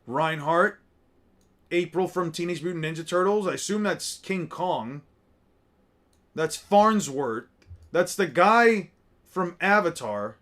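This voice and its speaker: A man's voice: high voice, expressive, slow, pauses often, fairly bright tone. A man giving casual, profane commentary, muttering names and reactions as he looks over a crowded picture. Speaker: streamer reacting to artwork.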